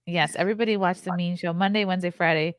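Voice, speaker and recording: A woman's voice: on the low side, steady tone, quick pace, smooth, dry recording, studio quality. A woman from Long Island hosting a casual livestream, upbeat and reading out chat comments. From Long Island, New York. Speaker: livestream host.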